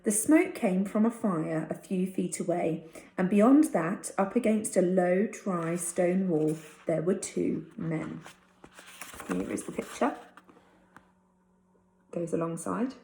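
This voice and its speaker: A woman's voice: on the low side, expressive, slow pace, mellow, a little hiss or hum. A woman teacher reading a chapter of a storybook aloud to her class. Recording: roomy echo.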